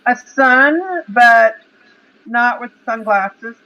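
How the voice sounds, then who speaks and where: Bright-voiced woman co-host, lo-fi. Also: on the high side, fairly even intonation, very slow. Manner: short agreeing replies, chatty. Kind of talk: casual livestream chat. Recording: dull lo-fi stream audio.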